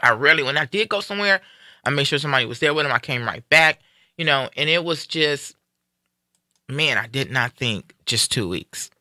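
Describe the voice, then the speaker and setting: A man's voice: medium pitch, fairly quick, no echo, clean studio sound. A man hosting a live stream, telling a personal story in an earnest, reflective way and acting out what others said. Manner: earnest, reflective, animated when quoting others.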